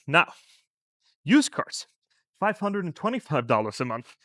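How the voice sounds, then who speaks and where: A man vlogs about finances in a relaxed, conversational tone, his voice sitting a little high for a man. He keeps throwing rhetorical questions at the viewer. The sound is dry and close, with no room echo. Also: unhurried. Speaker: finance vlogger. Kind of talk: casual commentary to camera. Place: outside a store in a shopping district.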